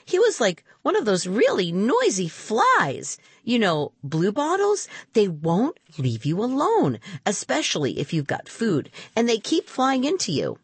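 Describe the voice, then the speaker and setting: A woman narrating a children's story in the first person, reading expressively with a husky tone. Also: mid-range voice, huge pitch swings, unhurried, few pauses, no echo.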